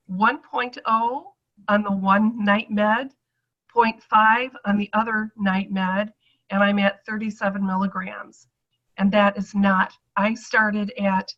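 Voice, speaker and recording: A woman's voice: medium pitch, a bit bright, lo-fi sound. A middle-aged woman giving a chatty personal testimonial to an audience, acting out the voices she quotes.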